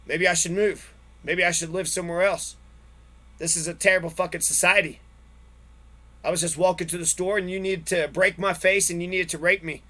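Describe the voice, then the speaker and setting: A man's voice: high-pitched, steady tone, brisk, pushed and bright. A man angrily telling his own story in a long, profane, repetitive monologue. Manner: angry, profane, repetitive ranting. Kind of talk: angry personal monologue.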